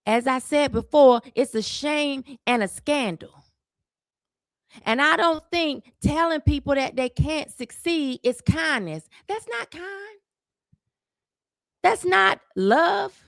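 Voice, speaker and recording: A woman's voice: high voice, expressive, slow, gravelly, no echo, studio quality. An adult woman giving a sarcastic, scolding opinion monologue as a social commentator, repeating words as she gets fired up.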